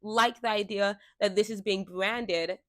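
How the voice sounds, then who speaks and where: A young woman vlogging to a camera she has set in place, chatting in a frank, candid way and laughing easily. Her voice sits at an ordinary pitch for a woman. The sound is dry, with no room echo. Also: fairly even intonation, measured pace. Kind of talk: casual talk to camera. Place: indoors, seated before a fixed camera. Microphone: camera mic.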